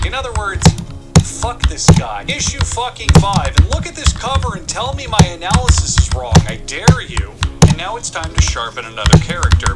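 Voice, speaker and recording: A young man with a high, very animated voice delivers a sarcastic, swearing-laden comic book review. His pitch leaps around for comic effect, and loud music plays behind him. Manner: sarcastic and profane, with big pitch jumps. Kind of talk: sarcastic comedic commentary.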